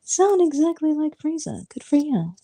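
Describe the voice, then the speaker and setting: A woman voicing a flirty, sultry female cartoon bat thief in a teasing fan role-play Q&A, with a husky voice. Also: high-pitched, big pitch swings, moderate pace, dark tone, no room sound. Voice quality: husky, gravelly. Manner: teasing, playful.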